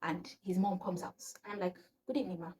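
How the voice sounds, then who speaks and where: A young woman from Nigeria with a Nigerian accent, telling a personal story in casual vlog chat and acting out the voices of the people in it. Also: quick pace. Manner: animated, acts out quoted voices, often drops to a low murmur. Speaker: storyteller vlogger.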